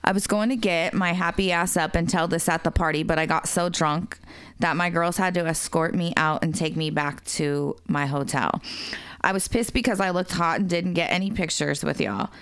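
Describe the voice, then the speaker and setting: A woman's voice: lowish voice, moderate pace, a bit bright, clean tone, no echo. A woman co-hosting a podcast, reading listener messages aloud in a casual, swearing, laughing manner.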